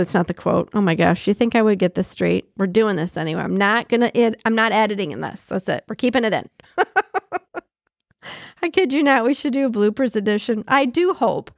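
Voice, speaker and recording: A woman hosting a casual daily-quote podcast, reading passages and breaking into chatty, animated asides with frequent laughter. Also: medium pitch, vocal fry, no echo, clean studio sound. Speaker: podcast host.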